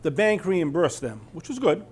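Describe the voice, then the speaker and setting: Man with a somewhat high voice giving an informal community talk, reading bits of a news piece aloud and breaking off into loose, rambling asides. He keeps checking in with his listeners and often leaves sentences half-finished. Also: very animated, normal speed, a little mellow, breathy edge. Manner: chatty, asks "right?" often, trails off mid-sentence. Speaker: presenter at a scam awareness talk.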